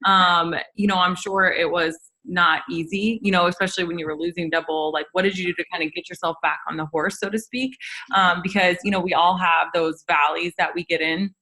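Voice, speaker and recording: A woman's voice: on the low side, fairly quick. Woman host asking rambling questions. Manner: relaxed, rambling questions with fillers. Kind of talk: casual interview chat.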